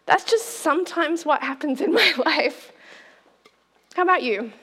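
Brief: middle-aged woman preacher, high and lively voice, animated storytelling with laughs. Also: unhurried. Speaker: speaker at a church talk. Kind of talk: storytelling sermon.

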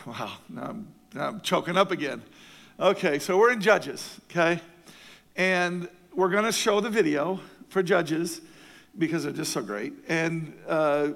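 A man's voice: sits high, a bit bright, in a large hall. A man preaching a sermon to his church, earnest and emphatic, repeating key phrases for stress. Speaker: pastor.

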